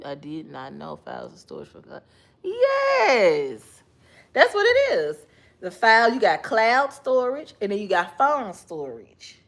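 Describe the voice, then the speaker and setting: A woman hosting a casual livestream chat, sleepy and yawning, laughing often as she talks with someone beside her. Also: lowish voice. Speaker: livestream host.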